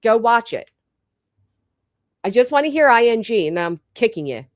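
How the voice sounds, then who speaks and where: A woman's voice: a little high, very animated, normal speed, dry recording. Blunt joking woman host, dry close sound. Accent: local regional American, drops final g. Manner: blunt, joking, swears freely. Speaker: livestream host. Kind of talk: casual live chat with viewers.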